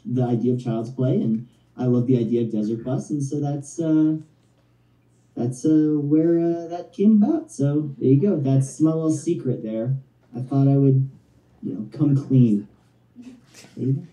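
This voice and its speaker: A man phoning in to a live show, talking in a halting, rambling, friendly way. His tone is very dark and mellow. The call comes through echoey and distant. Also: mid-range voice. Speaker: phone-in guest. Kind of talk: casual chat. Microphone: phone. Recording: echoey phone call from far off.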